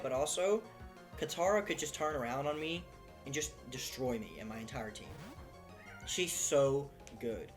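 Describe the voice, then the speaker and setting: Man, chatty let's play host, excitable, self-mocking, music behind. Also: medium pitch. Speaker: gaming YouTuber.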